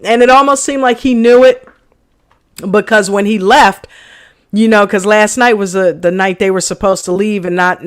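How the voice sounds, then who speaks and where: Chatty woman from New Jersey. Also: mid-range voice. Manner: chatty, rambling, many "you know"s. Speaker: reaction channel co-host. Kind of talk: casual reaction commentary to live chat.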